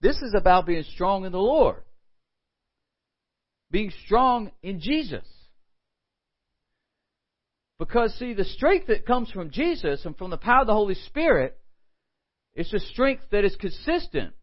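A man preaching a morning sermon, animated, with quoted asides and frequent rhetorical questions. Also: high voice, normal speed, dull audio. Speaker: pastor.

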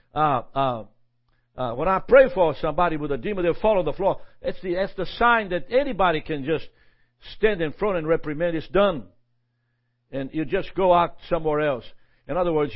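A man preaching a sermon, reading scripture aloud and often stumbling and repeating words as he teaches. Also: high voice. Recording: dull lo-fi recording.

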